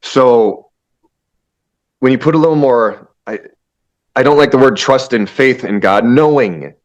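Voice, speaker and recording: A man's voice: medium pitch, a little slow, dull audio. A man speaking as a shaman guest in an interview, emphatic and preachy, often restarting his sentences. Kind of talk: spiritual interview talk.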